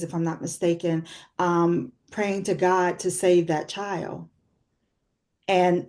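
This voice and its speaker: A woman in her sixties with a lowish, warm voice, appearing as a guest author on a talk show. She shares a personal story in a reflective, earnest way, using frequent fillers.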